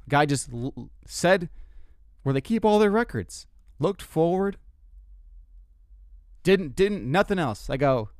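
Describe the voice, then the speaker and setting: A young man hosting a podcast, telling a comic story in a casual, animated way, stumbling and restarting often. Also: slow, pauses often, no room sound, studio quality. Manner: animated, self-interrupting, swears, jumps pitch for quoted lines. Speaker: comedian podcast host.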